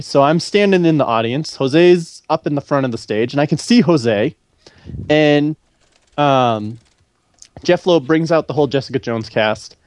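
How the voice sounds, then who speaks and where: Animated storytelling podcast man. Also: on the high side, dry recording, clean studio sound. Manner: animated, swears freely, acts out quotes. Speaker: podcast co-host. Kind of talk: casual storytelling chat.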